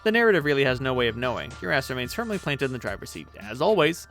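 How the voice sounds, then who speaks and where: A man reading a webcomic aloud with playful, animated delivery. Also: medium pitch, fast, faint music behind. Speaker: webcomic reader.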